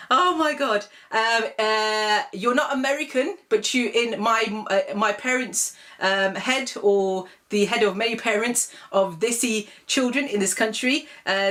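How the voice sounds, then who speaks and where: A woman chats to camera in a casual comic video blog. She sounds amused and rambling, full of ums, and her voice sits a little high. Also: a little slow, fairly bright tone. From England. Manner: chatty and amused, many ums, laughs at her own examples. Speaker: vlogger.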